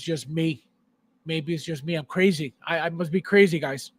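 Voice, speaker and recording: A man with a slightly rough, somewhat high voice speaks at a measured pace. He hosts a collector's live stream, ranting at viewers sarcastically and heatedly and repeating himself in exasperation, podcast-host style.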